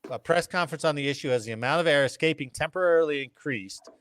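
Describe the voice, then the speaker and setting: A man hosting a casual podcast, reading news articles aloud and riffing on them with jokes and quick put-on voices. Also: on the high side, fairly bright tone, no echo. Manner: jokey, reads articles then riffs with funny voices.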